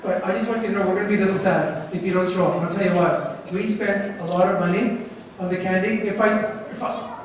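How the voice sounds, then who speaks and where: High-voiced man coaxing kids in echoey hall. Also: steady tone, fairly quick, recorded from a distance. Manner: coaxing, playful, asks the kids questions. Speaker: children's class teacher. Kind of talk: lively talk to children at a temple program. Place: large echoing temple hall.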